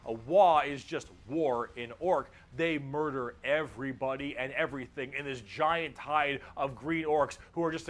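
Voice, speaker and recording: A man's voice: a little high, fairly bright tone. A man narrating a comedic, casual explainer video in an irreverent tone, swearing and using mock-dumb phrasing.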